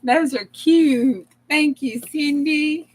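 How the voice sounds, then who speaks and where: A woman's voice: high voice, slow pace. A woman hosting a casual crafting live stream, effusive and chatty, laughing often and close to tears.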